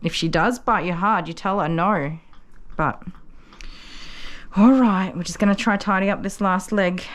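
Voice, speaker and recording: A woman's voice: mid-range voice, unhurried. Chatty woman dog groomer. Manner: chatty, explains each step to viewers, coos softly to the puppy. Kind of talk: casual vlog narration while working.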